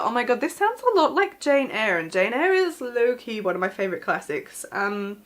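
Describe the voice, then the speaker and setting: A young woman talks through her book plans in a casual, excitable ramble. She piles on fillers and stops to correct herself mid-sentence, bubbling with enthusiasm as she goes. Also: on the high side, normal speed, few pauses. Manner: chatty and excitable, with frequent fillers and self-corrections. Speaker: book vlogger. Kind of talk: casual book chat to camera.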